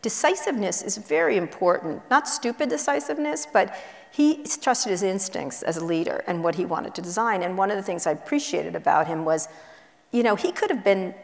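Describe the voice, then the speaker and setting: A woman journalist telling blunt, brisk anecdotes with many asides, on stage in a university auditorium. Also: medium pitch, lively intonation, gravelly. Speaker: guest journalist. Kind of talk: onstage conversation, storytelling. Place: university auditorium before an audience. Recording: echoey auditorium hall.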